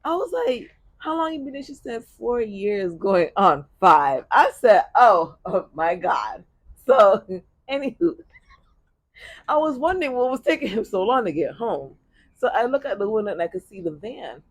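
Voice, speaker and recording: A woman telling a personal story in casual chat, blunt and profane, with an animated delivery. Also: fairly high pitch, normal speed, no room sound. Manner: blunt, profane, animated retelling with bursts of laughter.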